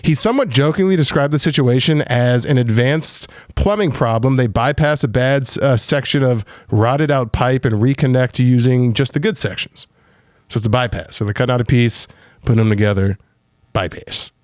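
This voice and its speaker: A man's voice: mid-range voice, moderate pace, no echo, clean studio sound. A man co-hosting a podcast, rambling through crude casual banter and laughing often. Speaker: podcast co-host.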